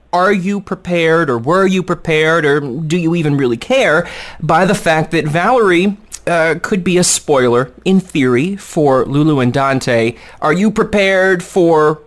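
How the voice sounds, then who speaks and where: An interview host asking long, rambling questions in a joking, playful way. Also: medium pitch. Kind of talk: casual interview.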